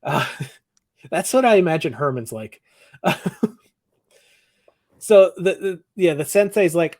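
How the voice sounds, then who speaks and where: A man co-hosting a podcast, recapping a TV episode in casual chat, animated and laughing often. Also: on the high side, a little slow, pauses often. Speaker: podcast co-host.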